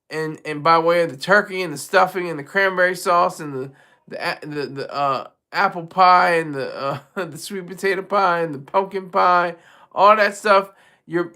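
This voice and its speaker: Bright, chatty live-stream host. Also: medium pitch. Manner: rambling, chatty, with frequent restarts and laughs. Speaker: livestream host. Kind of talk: casual live-stream chat with viewers.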